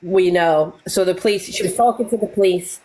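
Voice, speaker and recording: A woman's voice: lowish voice, warm tone, rough recording. A woman recapping online drama in a rambling, casual way, swearing freely and acting out what others said. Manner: acts out other people's lines in quick bursts. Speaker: livestream guest recapping drama.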